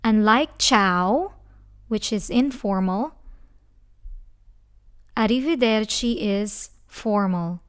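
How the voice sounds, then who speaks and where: A woman teaching a language lesson who speaks slowly and carefully, breaking words into syllables. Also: mid-range voice, clear, resonant tone. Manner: slow, careful, spells out syllables. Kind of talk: slow scripted lesson.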